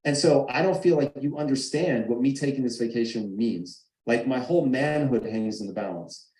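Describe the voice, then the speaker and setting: A man's voice: mid-range voice, moderate pace, darkish tone, reverberant, low-quality recording. A man telling a personal story over a video call, emphatic and acting out the arguments he quotes. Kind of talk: animated storytelling. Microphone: video call mic.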